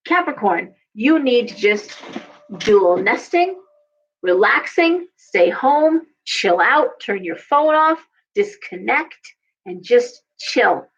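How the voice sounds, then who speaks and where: Woman, tarot reader, casual live chat, chatty, repetitive, coaching tone, slightly high-pitched, dull lo-fi audio. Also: very animated, takes it slowly, husky. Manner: chatty, repeats words, coaching tone.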